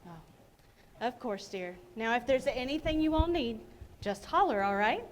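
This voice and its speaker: A woman's voice: on the high side, lively intonation, normal speed, long reverb tail, a little hiss or hum, lightly acted. A woman playing a kindly, reassuring nurse. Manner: warm, reassuring. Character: kindly female nurse, calls everyone dear. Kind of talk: live stage musical acting.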